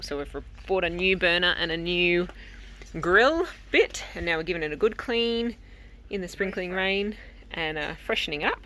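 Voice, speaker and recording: A woman's voice: on the low side, fairly bright tone. Chatty woman vlogging outdoors, noisy. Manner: chatty, rambling with fillers. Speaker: travel vlogger. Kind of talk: casual vlog chat. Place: outdoors at a caravan park and tavern. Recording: noisy outdoor camera audio.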